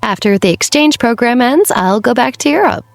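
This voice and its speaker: A woman voicing a sweet, polite teenage girl exchange student who talks softly and earnestly. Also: on the high side, animated, moderate pace, gravelly, no room sound, pitched above the performer's own voice. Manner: soft, earnest and apologetic.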